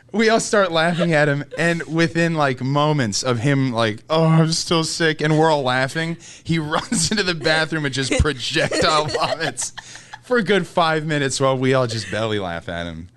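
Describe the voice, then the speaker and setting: A man's voice: on the high side, animated, normal speed, fairly bright tone, clean tone, no echo. A man, a comedian and podcast guest, telling stories in casual chat and often laughing mid-sentence.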